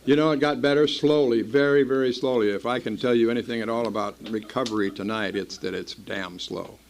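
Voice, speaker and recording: A man's voice: medium pitch, steady tone, brisk. An older man from Iowa telling his own story to a meeting in a blunt, wry, self-mocking way. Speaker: speaker at a recovery meeting. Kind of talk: personal storytelling talk.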